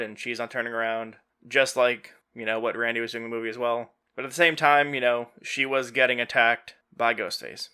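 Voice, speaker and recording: A man talks through a movie plot in a loose, chatty way as a podcast host, filling his sentences with "you know" and "like". His voice is bright and forward. It is smooth and clear, and he acts out characters' lines without changing voice. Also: mid-range voice. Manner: retells scenes quoting characters in a loose, offhand voice; heavy use of fillers like "you know" and "like". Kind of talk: casual movie recap.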